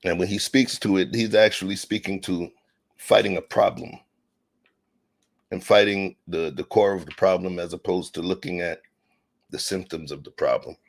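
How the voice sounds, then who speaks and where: A man's voice: sits low, steady tone, moderate pace, gravelly. A man hosting a casual podcast chat, emphatic and laughing, with lots of 'you know'. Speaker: host.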